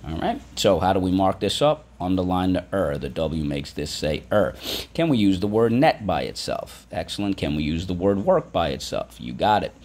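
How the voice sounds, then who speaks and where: A man's voice: low voice, big pitch swings, moderate pace, darkish tone. A male teacher giving a patient vocabulary lesson for children, spelling words out and asking the class to repeat them.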